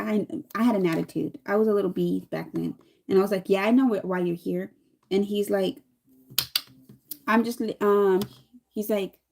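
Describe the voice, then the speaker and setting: This vlogger, a chatty woman in her thirties, spins a long, meandering tale while applying makeup, slipping into the voices of its characters. Her tone is mellow and warm at an ordinary middle pitch, with some vocal fry.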